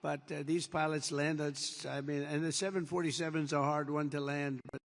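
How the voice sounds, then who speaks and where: The speaker is an older man from the United States, the president, speaking off the cuff to troops in a large air base venue where the hall's reverb lingers. His gravelly voice is fairly high and level at a moderate pace. He rambles through a story, acting out dialogue and repeating superlatives.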